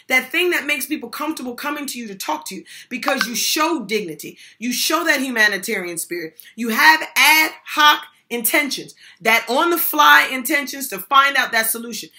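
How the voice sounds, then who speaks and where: An older woman speaking as a workshop presenter, her voice bright and forceful and sitting a little high. She talks emphatically and folksily, circling back to the same key phrases to drive her points home. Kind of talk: motivational talk on mental health support.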